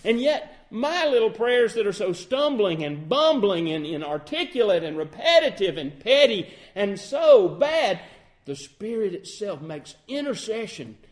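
Guy preaching a sermon, fairly high voice, earnest, gets loud then goes soft and thoughtful. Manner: earnest, rising to emphatic peaks then quieting to soft reflection; quotes King James scripture in measured cadence.

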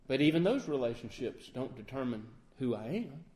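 A man's voice: mid-range voice, animated, normal speed, a little mellow. A middle-aged man preaching a sermon in an earnest way, often asking his listeners questions and acting out sample phrasings. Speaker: lay preacher.

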